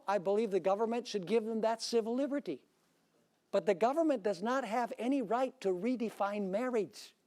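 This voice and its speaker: A man's voice: very high-pitched, a little mellow. Male pastor preaching hard, lots of "are you with me" style questions to the crowd. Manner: emphatic preaching with rhetorical questions to the audience. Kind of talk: sermon.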